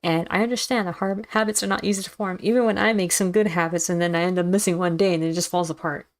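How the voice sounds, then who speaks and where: A woman's voice: on the low side, steady tone, quick pace. A young woman reacting casually while reading a game aloud, candid and self-deprecating, swearing freely. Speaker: let's-read streamer.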